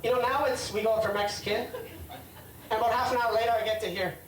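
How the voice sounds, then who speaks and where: A stand-up comic with a high-sitting voice and fairly even intonation talks fast through a rambling, hesitant set, firing back at hecklers. The club sound is roomy, picked up by a distant mic over a loud crowd and a noisy background.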